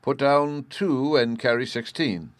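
A sub-warden mutters his arithmetic, slow and absorbed, as a male reader puts him on. His voice is pitched above the reader's own in a storybook reading. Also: no room sound, natural voice.

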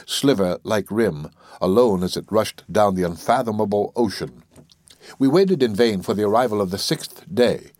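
A man narrating a classic literary story in a measured, solemn storytelling manner. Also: on the low side, no echo, studio quality. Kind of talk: audiobook reading of classic literature.

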